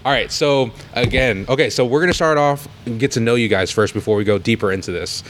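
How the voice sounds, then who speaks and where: A man hosting a podcast in casual chat, playful and quick to laugh. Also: mid-range voice, fairly bright tone, slight background noise. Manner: laughs often, playful, tries impressions. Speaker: podcast host.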